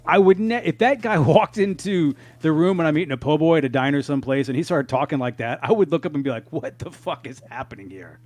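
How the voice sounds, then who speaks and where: Man, casual podcast chat, animated, swears a lot, slightly high voice. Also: fast talker, few pauses, no room sound. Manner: animated, profane, laughs often. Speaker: podcast co-host.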